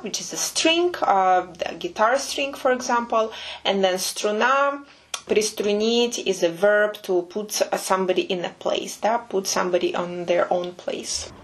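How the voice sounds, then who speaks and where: A woman teaching phrases to English-speaking learners, speaking natively. She breaks each word down patiently and repeats it slowly and precisely. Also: medium pitch. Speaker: Russian language teacher. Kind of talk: language lesson commentary.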